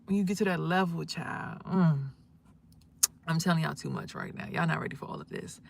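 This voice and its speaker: A woman with a fairly low voice hosts a casual livestream. She gives spiritual advice in a loud, emphatic and preachy way, swearing freely. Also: expressive, fairly quick, vocal fry. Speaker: livestream host.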